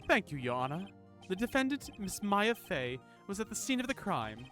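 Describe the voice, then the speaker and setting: A man's voice: sits high, very animated, normal speed, a bit bright, soft background music, pitched above the performer's own voice. A man voicing a haughty young male prosecutor in a put-on British accent, reading game lines on a stream. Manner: haughty, formal, clipped.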